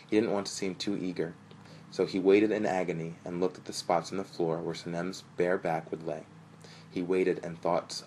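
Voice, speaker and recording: A man reading a story aloud as narrator, in a steady, measured way. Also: deep voice, slight background noise, rough recording.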